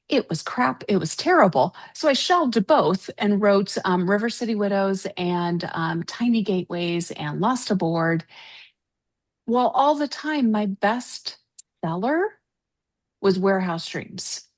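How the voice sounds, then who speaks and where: A woman who writes novels, co-hosting a casual podcast and telling stories in an animated, emotional way. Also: mid-range voice, measured pace. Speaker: podcast co-host. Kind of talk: casual chat.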